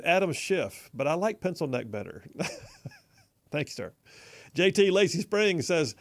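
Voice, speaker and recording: A male talk radio host, chatting casually, reading listener texts aloud and chuckling as he goes. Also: fairly high pitch. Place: radio studio.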